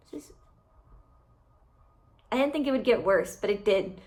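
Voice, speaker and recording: A woman reading online posts aloud and reacting to them in casual, animated commentary as a channel host. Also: medium pitch, measured pace, long pauses.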